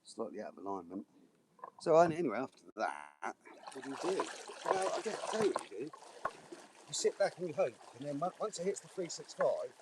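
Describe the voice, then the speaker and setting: A man's voice: mid-range voice, very animated, moderate pace, recorded from a distance. A man rambling jokily through a meandering outdoor monologue, often restarting his sentences, recorded beside a river. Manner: joking, meandering, with frequent restarts. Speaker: vlogger. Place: outdoors by a river, feet in the water. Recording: outdoor recording with running water noise. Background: running water.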